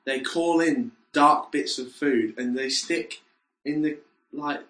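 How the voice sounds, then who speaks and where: A man chatting on a comedy podcast, giggly and quick with interjections. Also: a little high, a bit bright. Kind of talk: casual comedic chat. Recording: echoey room with faint background noise.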